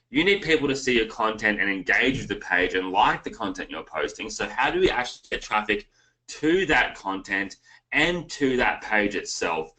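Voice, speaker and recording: A man's voice: on the low side, pushed and bright, poor audio. An Australian man hosting an online marketing webinar, talking casually and calling the viewers guys. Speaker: webinar host.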